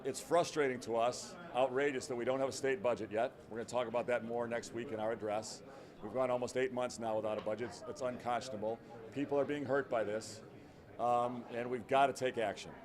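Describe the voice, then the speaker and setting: A man in his fifties, a state governor, giving an earnest, folksy stump speech that often repeats itself. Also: medium pitch. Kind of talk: stump speech to a chamber audience. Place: large event hall. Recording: long hall reverb.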